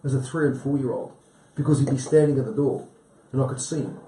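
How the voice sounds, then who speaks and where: A man with a dark, mellow voice talks earnestly as a guest on a live TV show. He rambles and repeats himself. The sound comes from a roomy, echoey studio. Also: medium pitch, fairly even intonation, fast, far from the mic. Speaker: guest healer. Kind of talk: live TV chat.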